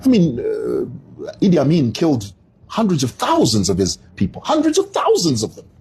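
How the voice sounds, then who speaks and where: A Zambian man in his fifties with a Zambian accent, talking through current events in a loose, storytelling way. His voice is very husky, and his pitch swings widely as he digresses from point to point. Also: huge pitch swings, moderate pace, a little mellow. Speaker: commentator. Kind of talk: casual commentary.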